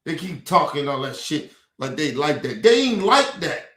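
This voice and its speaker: A man from ranting hard on a livestream, profane and repetitive, bursting into shouts. His voice sits high and swings widely in pitch. The sound carries a roomy echo. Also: sing-song, moderate pace. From Baltimore. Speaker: streamer. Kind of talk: heated livestream rant.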